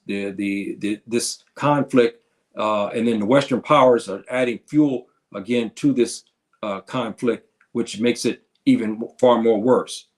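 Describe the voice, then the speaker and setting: A man's voice: medium pitch, a little mellow. A man giving an informal history lecture, calling his listeners brothers and sisters and often restarting his phrases. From United States. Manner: addresses listeners as brothers and sisters, halting with repeats. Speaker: history presenter.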